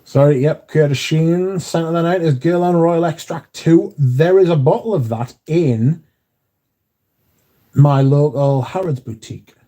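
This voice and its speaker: A man's voice: on the high side, a little slow, warm tone. A man hosting a casual livestream, chatting and reading out viewer comments, swearing freely. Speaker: livestream host reading chat. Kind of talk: casual chat.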